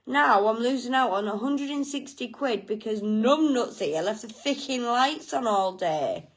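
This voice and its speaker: A woman's voice: on the high side, lively intonation, unhurried. A woman telling a personal story in a casual vlog, frank and self-mocking, with plenty of swearing. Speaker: vlogger.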